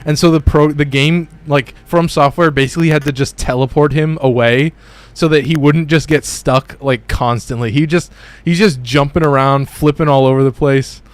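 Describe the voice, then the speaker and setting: A man's voice: fairly high pitch, steady tone, moderate pace. A young man streaming a game from his bedroom, chatting with viewers and swearing at enemies mid-fight. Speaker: gaming streamer. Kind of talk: casual live-stream commentary. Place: home bedroom. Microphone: phone.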